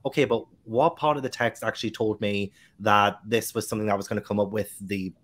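A man's voice: lowish voice, a little fast. British guy rambling about a book on a video call, loads of likes and um. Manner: rambling, filler-heavy and animated. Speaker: book club guest. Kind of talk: casual book discussion.

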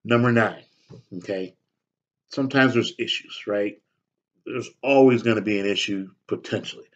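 A man's voice: lowish voice, normal speed, muffled recording. A man who works as a staffing recruiter, giving blunt career advice in a casual talk to camera, often checking in with "okay?" and "right?". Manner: direct, repetitive, punctuates with "okay?" and "right?".

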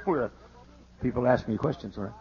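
A man preaching a fiery sermon as pastor, exclaiming and shouting praise. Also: mid-range voice. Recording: dull lo-fi archive sermon tape.

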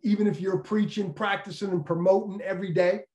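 In an echoey room, a middle-aged man who used to coach football delivers an earnest leadership talk meant to motivate, repeating key phrases to drive them home. His voice is high, steady, and darkish in tone, and he speaks a little fast.

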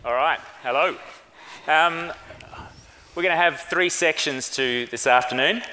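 A man presenting a quiz on stage, relaxed and chatty with fillers. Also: on the high side, measured pace, in a large hall, slight background noise. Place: large conference hall.

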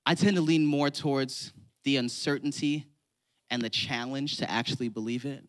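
A pastor from California preaches a sermon to his congregation in a conversational, playful way, acting out mock prayers. He speaks at a moderate pace in a medium-pitched voice with fairly even intonation.

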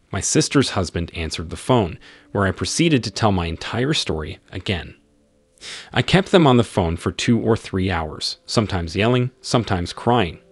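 Husky low-voiced man narrating a story. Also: no room sound. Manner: expressive storytelling reading. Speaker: channel host and narrator. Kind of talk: narrating a first-person story.

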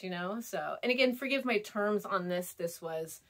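A woman's voice: medium pitch, moderate pace. A woman in her thirties giving a recorded class lecture, chatty and rambling, with fillers, laughs and quoted voices. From California, US. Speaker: instructor.

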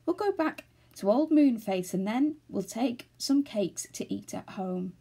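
A woman's voice: a little high, lively intonation, a little slow, warm tone, breathy edge, exaggerated voice. A woman reading aloud and voicing an eager young boy who turns stern when let down. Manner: keen, and stern when crossed.

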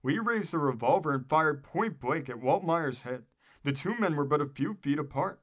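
A man narrating an old newspaper article in a steady, measured reading voice. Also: fairly high pitch. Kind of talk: read-aloud narration.

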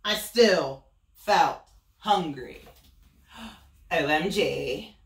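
A woman teacher reading a storybook aloud to students, expressive and stopping to ask them questions. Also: low voice, extremely slow, gravelly. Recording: roomy, from a distance.

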